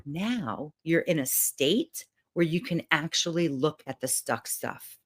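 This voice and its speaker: A woman's voice: low-pitched, animated, takes it slowly. A woman giving a motivational talk, guiding listeners through breathing and visualizing exercises. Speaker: motivational speaker.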